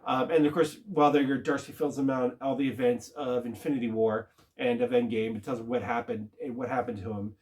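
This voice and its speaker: A man talks through a TV episode in a loose, casual spoiler recap. He rambles and restarts his sentences, filling the gaps with plenty of ums and uhs. His voice sits at an ordinary middle pitch. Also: fairly even intonation, a little mellow. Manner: rambling, halting, lots of filler words. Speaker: TV show reviewer.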